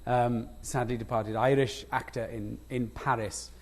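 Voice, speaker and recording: Welsh man, actor, stage interview, animated storyteller, mid pitch. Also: measured pace. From Wales. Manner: animated anecdotes, laughs often, self-interrupting restarts. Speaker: guest actor. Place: lecture stage before an audience.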